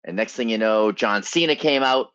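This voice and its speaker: A man's voice: lowish voice, normal speed, fairly bright tone, smooth, no echo. Laid-back man co-host, dull dry recording. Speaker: podcast co-host. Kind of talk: casual chat.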